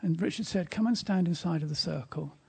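Raspy, gravelly-voiced man preaching. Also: on the high side, fairly quick. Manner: emphatic, storytelling, drops to a whisper in quiet moments. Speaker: speaker at a church service. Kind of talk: sermon with storytelling.

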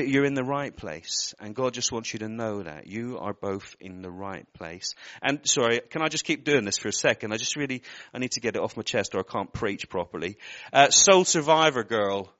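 A man's voice: fairly low pitch, a bit bright, no room sound, dull audio. A man preaching a sermon, giving earnest personal words to people in the congregation and often breaking off with apologetic asides.

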